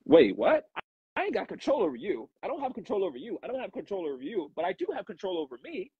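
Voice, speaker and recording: Raspy man preaching self-accountability live. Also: a little mellow, no echo, lo-fi sound. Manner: preachy, repetitive, rising to emphatic highs. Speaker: live stream host. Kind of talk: motivational live talk.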